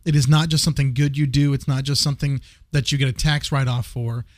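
A man's voice: medium pitch, fairly even intonation, quick pace, no room sound. Emphatic man, dry close sound. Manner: emphatic, passionate, repeats words. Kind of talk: casual faith discussion.

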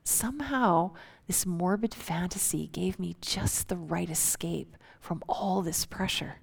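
A woman's voice: fairly low pitch, measured pace, creaky, breathy edge. A woman telling a personal story in a vivid, suspenseful, conversational way.

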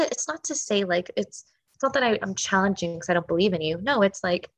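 A woman hosting a casual podcast chat as a spiritual business coach, gushing and emphatic, breaking into animated outbursts. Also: mid-range voice, brisk. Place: home, with a dog running around.

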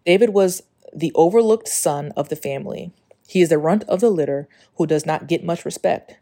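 Low mellow-voiced woman podcaster. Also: moderate pace. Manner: earnest and confessional, many "like" fillers; reads a passage, then speaks off the cuff. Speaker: podcast host. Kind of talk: solo spiritual podcast monologue.

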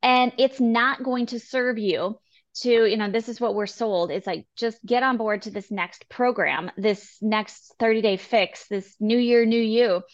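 A woman co-hosting a casual health podcast, talking in an earnest, encouraging way and quoting people in quick asides. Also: fairly high pitch, muffled recording. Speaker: podcast co-host.

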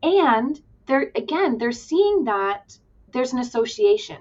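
A woman's voice: fairly high pitch, slow pace. A woman guest, an early-childhood educator, talking casually and animatedly about classroom stories. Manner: animated, acts out quotes while telling classroom stories. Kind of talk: casual conversation. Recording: dull lo-fi remote audio.

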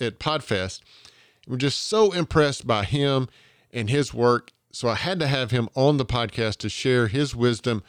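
A man's voice: mid-range voice, no room sound, clean studio sound. A man with a Southern US accent from Georgia, hosting a podcast interview in an earnest way and often restarting his phrases. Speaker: podcast host.

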